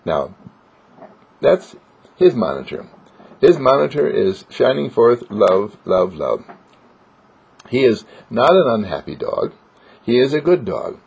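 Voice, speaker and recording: A man's voice: mid-range voice, sing-song, slow, vocal fry, long pauses, a little mellow, breathy edge. A man giving a spiritual motivational monologue in a sing-song, joyful way, repeating simple affirmations, on a dull lo-fi recording. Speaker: inspirational speaker.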